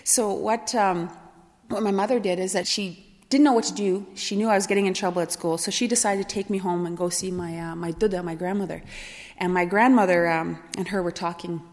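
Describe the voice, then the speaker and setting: A woman speaking to a live audience about her childhood, animated and quick to laugh as she acts out the people in her stories. Her voice rings out through a large hall with a long reverb tail. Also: fairly low pitch. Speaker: speaker telling her life story. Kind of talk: storytelling talk to an audience.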